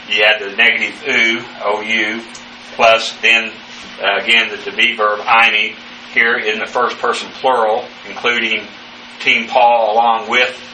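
A man teaching the Bible verse by verse, speaking haltingly with many fillers and spelling out Greek words letter by letter. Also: on the low side, pushed and bright. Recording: echoey room, distant mic, faint noise.

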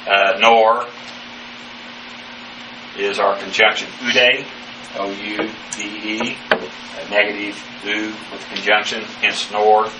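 A man teaching the Bible verse by verse, speaking haltingly with many fillers and spelling out Greek words letter by letter. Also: lowish voice, flat delivery. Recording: echoey room, distant mic, faint noise.

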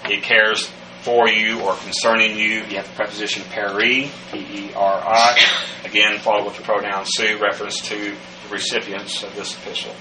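Heard at a distance in an echoey space with a faint hiss, a man speaks at normal speed in a fairly low, flat voice. He works through the Bible verse by verse, spelling out Greek words one letter at a time, with many fillers.

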